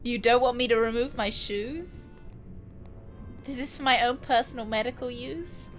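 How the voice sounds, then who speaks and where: A woman's voice: a little high, moderate pace. A woman casually commenting on a video game she is playing, playful, jokey and crude, often laughing and reading game lines aloud. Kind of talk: casual live-stream commentary. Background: game music.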